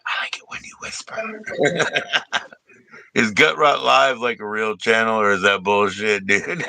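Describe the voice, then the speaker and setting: Deep gravelly man hosting a livestream. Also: bright, forceful tone, dry recording. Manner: joking, profane, teasing banter. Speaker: livestream host. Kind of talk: casual livestream chat.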